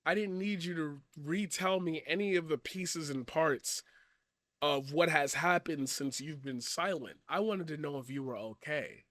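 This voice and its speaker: A man giving a profane, blunt commentary rant, swinging from loud shouting to quiet earnest talk. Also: on the high side, a little slow, no room sound, clean studio sound. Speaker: commentary streamer. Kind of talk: ranting commentary.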